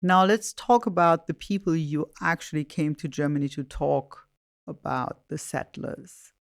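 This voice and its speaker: A woman from Iran hosting a podcast interview, asking questions in a brisk, playful way. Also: low-pitched, gravelly, no room sound, clean studio sound. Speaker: podcast host. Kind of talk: interview conversation.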